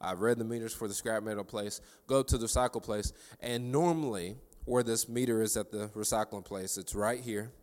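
A man giving a devotional sermon, telling a lively story from his day and building into fervent preaching. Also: lowish voice, a little fast, few pauses, in a large hall. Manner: conversational, animated storytelling building to preaching fervor. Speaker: devotional speaker.

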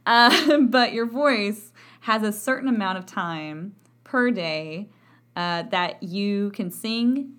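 A woman's voice: mid-range voice, a bit bright. A woman with a Texan accent, a voice professor giving a chatty, self-deprecating podcast lesson and laughing often. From Texas. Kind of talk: educational podcast talk.

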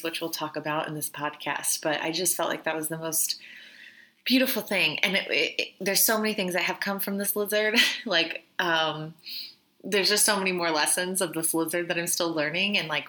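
A woman's voice: fairly low pitch, pushed and bright. A woman hosting a podcast, talking candidly and from the heart, swearing casually and laughing often. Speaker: podcast host. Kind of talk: casual reflective podcast monologue.

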